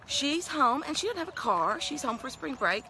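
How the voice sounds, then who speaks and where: A woman's voice: sits high, very animated, moderate pace, pushed and bright, slight background noise. A middle-aged woman with a Texan accent talks in a chatty, upbeat and folksy way as she walks along a street outdoors, speaking into a handheld phone. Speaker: vlogger. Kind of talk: casual talking-head vlog. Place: outdoors on a town street, walking.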